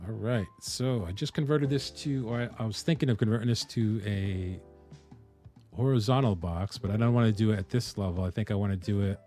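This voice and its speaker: A man from the Northeastern US streaming live, chatting casually with viewers and thinking aloud with frequent pauses. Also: fairly low pitch, mellow, soft background music. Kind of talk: casual live-stream chat while coding.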